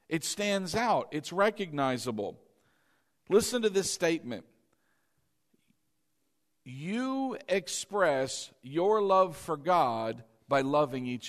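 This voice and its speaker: Male pastor, high voice, sermon delivery, repetitive and interactive. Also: in a large hall. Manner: repeats key phrases, calls on congregation to respond; shifts between slow emphatic lines and quick asides.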